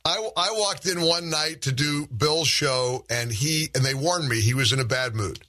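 A man's voice: on the high side, normal speed, sharp tone. A man hosting a conversational interview, rambling with frequent restarts as he tells anecdotes. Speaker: talk show host.

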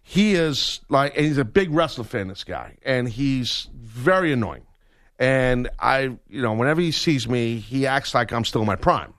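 A man's voice: medium pitch, expressive, moderate pace, a bit bright. A middle-aged man hosting a radio show, telling a story with animation and acting out both sides of an argument.

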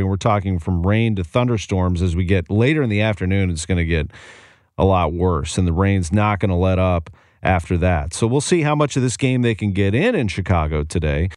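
A male sports radio host runs through scores and game schedules with brisk enthusiasm. His voice sits a little low and sounds close and dry on a studio mic. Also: a little mellow, no room sound. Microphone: studio microphone.

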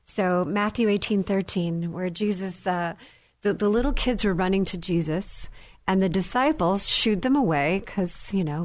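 A woman's voice: mid-range voice, animated, moderate pace, a little mellow, no room sound. A woman on a faith talk show, telling stories with animation and acting out childlike voices. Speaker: guest speaker.

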